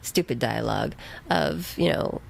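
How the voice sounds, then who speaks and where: A woman's voice: rumbling low, animated, unhurried, creaky, rough recording. A woman co-hosting a casual book podcast, talking loosely and swearing freely. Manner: casual and profane, with frequent agreeing fillers. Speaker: podcast co-host.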